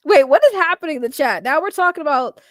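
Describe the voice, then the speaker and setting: Lively high-voiced woman, swearing and laughing. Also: fast talker, no echo, studio quality. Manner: profane, laughs often, sarcastic mock-innocent protests. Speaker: livestream host reacting to chat. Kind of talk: casual livestream chat.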